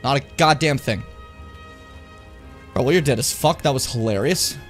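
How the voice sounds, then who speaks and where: A man streaming a game, chatting loosely with viewers and his partner. His voice swings widely in pitch, bursting into loud yells at enemies, while faint music plays beneath him. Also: normal speed. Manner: animated, swearing, jumps into shouting. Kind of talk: casual gameplay commentary.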